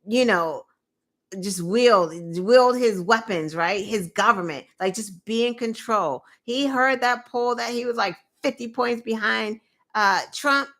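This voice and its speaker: Woman, political commentary, indignant, lively delivery, slightly high voice. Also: measured pace. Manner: indignant, animated, mocking impressions. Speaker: political show host.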